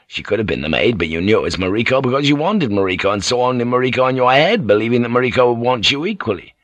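A man playing a weary English sea captain with a low, grounded voice. He talks earnestly and plainly, close to the mic in a dry studio read. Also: fairly bright tone, no room sound, lightly acted. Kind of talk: audiobook character reading.

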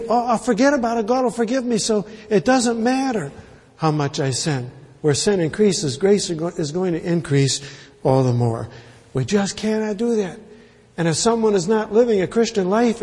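A man preaching a sermon as pastor, emphatic and repetitive, pausing with many fillers. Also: fairly high pitch, a little mellow, husky. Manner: emphatic, repeats words for stress, many uh fillers. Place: church sanctuary. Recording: long hall reverb.

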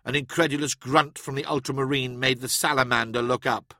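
A man reading an audiobook in steady, even scripted narration. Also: medium pitch, fairly quick, no echo, studio quality.

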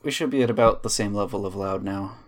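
A woman's voice: rumbling low, quick pace. A woman running a tabletop game, chatting casually and joking, swearing freely, recorded on a home microphone. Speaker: dungeon master. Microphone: home microphone, recording over a call.

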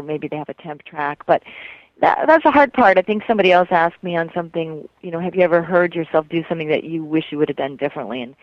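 A woman's voice: on the low side, no room sound. A middle-aged woman from Colorado, a voice actress talking casually in an interview, thinking aloud and restarting her phrases. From Colorado, USA. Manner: thoughtful, trails off and restarts. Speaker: voice actress guest. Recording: dull lo-fi sound.

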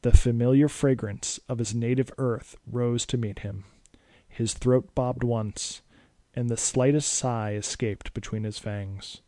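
Dark-voiced man reading a spooky story. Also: medium pitch, steady tone, measured pace, no room sound. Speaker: narrator. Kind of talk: scripted storytelling.

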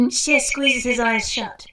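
A tipsy woman reading fan fiction aloud, giggling and breaking off into mock-dramatic asides. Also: a little high. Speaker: reader.

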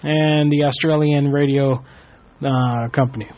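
A man's voice: medium pitch, steady tone, measured pace. A man hosting a prank call radio show, brash, bossy and swearing freely. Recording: dull lo-fi with faint music.

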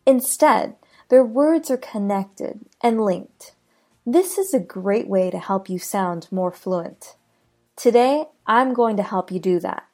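A woman teaching pronunciation, speaking deliberately and repeating each example for practice. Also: medium pitch, animated, darkish tone, soft background music. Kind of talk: scripted pronunciation lesson.

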